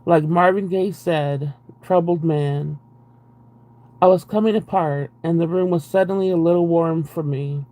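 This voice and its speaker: Reading a book aloud to his live stream, this young man speaks a little slowly in a fairly high, warm voice. He keeps interrupting the text with sarcastic, exasperated commentary full of profanity.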